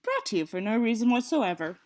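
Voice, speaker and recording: A woman's voice: fairly high pitch, wildly swooping pitch, a little fast, music in the background. Sarcastic woman reading aloud. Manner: sarcastic, swearing asides. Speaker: audiobook reader.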